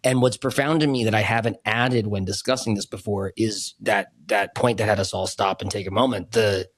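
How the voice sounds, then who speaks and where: A man's voice: fairly low pitch, steady tone, a little fast, no room sound. A man co-hosting a podcast, reflective in casual conversation, often searching for and correcting his words. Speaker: podcast co-host.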